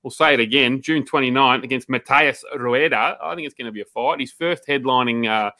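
A man's voice: medium pitch, brisk, bright, forceful tone. An Australian man in his thirties co-hosting a podcast, blokey and slangy, ranting with animation. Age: 30s. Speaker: podcast co-host. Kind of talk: casual podcast chat.

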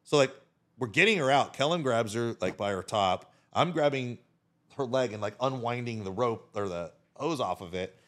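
A man telling a casual story as a podcast guest, animated and swearing freely, talking with his hands. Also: medium pitch, normal speed.

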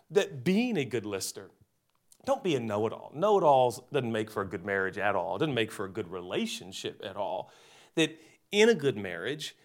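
A man in his forties preaching a comedic sermon, animated and jokey, turning earnest. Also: mid-range voice. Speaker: pastor.

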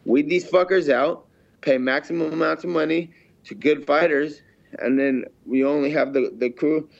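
A man interviewed as a fighter talks bluntly and swears heavily, often acting out remarks he made in the past. His voice is creaky and fairly high with fairly even intonation and a moderate pace. The casual interview has a dull, lo-fi sound.

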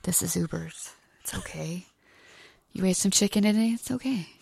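A woman voicing her pet pug's inner voice as a slow, hushed meditation guide, partly whispered. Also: on the low side, vocal fry, breathy edge, dry recording. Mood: soothing. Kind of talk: playful voiceover role-play.

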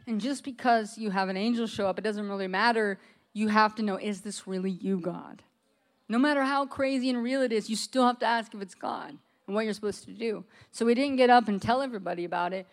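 A woman's voice: medium pitch, fairly quick. American woman preaching a personal testimony. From United States. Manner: conversational storytelling with frequent "like". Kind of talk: testimony sermon to a congregation.

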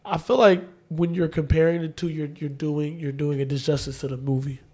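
A young man with a noticeably high voice for a man, joking around and ready to argue. He co-hosts a casual chat in loose slang. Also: flat delivery, brisk, warm tone.

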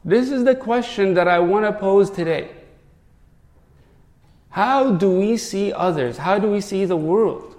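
A man's voice: high voice, a little slow, long pauses, a little mellow, big-room sound. A man, a priest, giving an earnest sermon full of rhetorical questions.

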